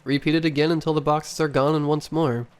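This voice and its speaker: A man voicing a young boyfriend who gives quick, firm instructions in a read-aloud scary story. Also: fairly high pitch, little pitch movement, clean tone, pitched above the performer's own voice, lightly acted. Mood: urgent.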